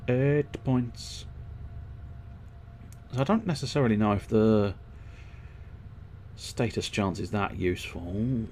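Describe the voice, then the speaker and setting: A man's voice: on the low side, slow pace, pauses often, a little mellow, slight background noise. A man streaming a video game who rambles and swears as he thinks aloud while customizing his gear. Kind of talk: casual let's-play commentary.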